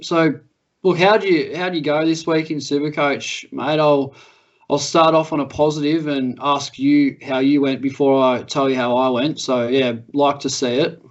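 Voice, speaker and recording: A man's voice: a little high, fairly even intonation, normal speed. A young Australian man co-hosting a podcast, chatting casually and laughing his way through stories. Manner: laid-back storytelling, laughs through tales. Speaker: podcast co-host. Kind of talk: casual chat. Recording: muffled lo-fi audio.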